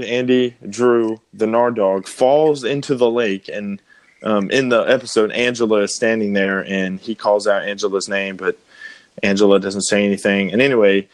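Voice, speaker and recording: A man's voice: fairly low pitch, dry recording. A young man co-hosting a podcast, rambling through a story and laughing often as he loses track. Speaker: podcast co-host. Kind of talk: casual chat.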